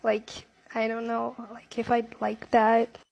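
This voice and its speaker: A woman asking clueless questions, padding them with filler words. Her voice sits a little high. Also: monotone, takes it slowly, gravelly, darkish tone, muffled recording, slight background noise. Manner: naive, questioning, filler-heavy. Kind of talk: casual social media questions.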